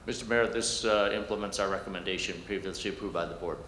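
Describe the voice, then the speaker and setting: A man's voice: low voice, steady tone, quick pace, fairly bright tone. A man speaking as interim village administrator, giving a formal, hesitant report to the board with many uh's. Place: village board meeting hall. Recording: echoey hall, long reverb, faint background noise.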